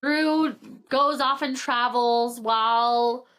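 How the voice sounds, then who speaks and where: A woman with a slightly high voice chats casually on a book podcast, filling her sentences with "like." She retells plot scenes by acting out what each character says. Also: takes it slowly, fairly bright tone, clean tone. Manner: chatty, acts out characters' lines while retelling plot, many "like" fillers.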